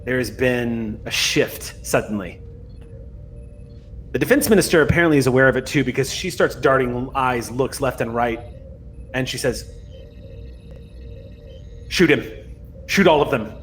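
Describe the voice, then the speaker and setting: A man narrating a tabletop role-playing game as game master, in a measured, dramatic way. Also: mid-range voice, fairly bright tone, faint music behind.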